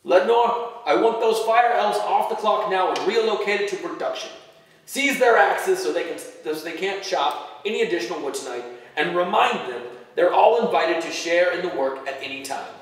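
A man's voice: sits high, expressive, moderate pace, voice pushed up. A man reading a story aloud, voicing a stern, bossy Santa who bellows orders. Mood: commanding. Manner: bellowing, commanding. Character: stern bossy old male Santa boss. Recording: echoey hall from far off.

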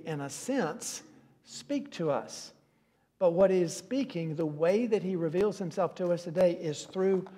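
A man's voice: a little high, a little mellow, in a large hall. A man leading a church question-and-answer session as pastor, earnest, stumbling over repeated words as he explains. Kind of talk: church Q&A teaching.

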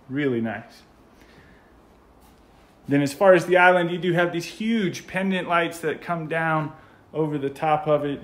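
An American man with a casual, enthusiastic manner, narrating a walkthrough of a model home as he films it. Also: medium pitch. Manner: enthusiastic, gushing. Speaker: home tour vlogger.

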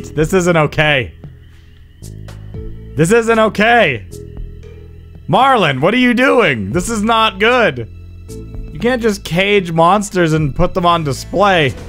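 A man commentating on a video game live, excitable and quick to yelp and swear in frustration. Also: soft background music. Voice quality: high-pitched. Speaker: gaming livestreamer.

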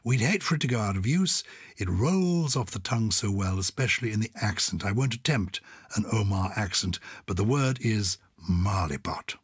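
A man's voice: on the low side, lively intonation, moderate pace, breathy edge, no room sound. An older man co-hosting a podcast, speaking in a theatrical, exuberant way. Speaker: podcast co-host. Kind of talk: casual chat.

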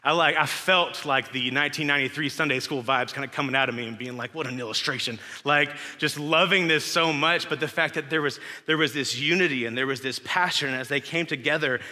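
A man's voice: a little high, fairly quick, few pauses, sharp tone. A young man with a West Texan accent preaching a sermon as pastor, in a casual, chatty way with asides to the congregation. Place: church sanctuary. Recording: long reverb of a church hall.

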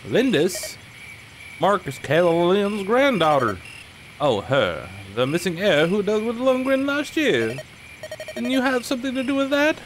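A man's voice: sits high, big pitch swings, unhurried, slight background noise, pitched above the performer's own voice. A man reading game dialogue aloud, voicing a brash young lord who teases his friend. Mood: teasing.

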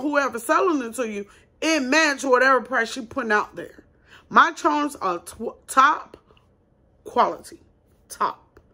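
Bright-voiced blunt woman host. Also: high-pitched. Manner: emphatic, blunt, talks straight to viewers as "you guys". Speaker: small business owner, vlog host. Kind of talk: casual advice chat.

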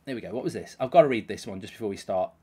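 A man with a fairly low, mellow, husky voice talks rapid-fire with lively intonation. He's a gaming streamer playing a football game, ranting and swearing about his own play while reading chat messages aloud as live gameplay commentary.

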